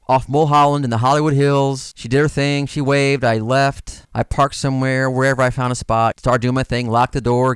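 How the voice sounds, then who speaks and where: Animated man telling stories. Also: mid-range voice, smooth, dry recording. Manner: animated, acts out dialogue. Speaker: storyteller guest. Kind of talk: casual storytelling.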